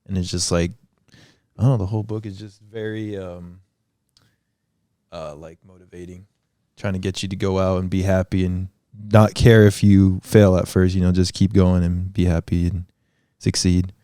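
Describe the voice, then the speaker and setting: A young man co-hosting a podcast in casual chat, soft-spoken and low-key, rambling a little. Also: level tone, normal speed, smooth, no room sound, clean studio sound. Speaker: podcast co-host.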